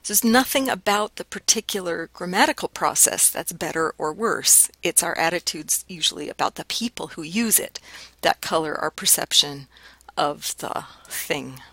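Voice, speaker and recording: A woman with a bright, forceful voice gives a clear, measured lecture in a steady, explanatory way. Her low-pitched tone sounds close and dry, with no room around it. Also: no echo. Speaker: linguistics lecturer. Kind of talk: recorded lecture.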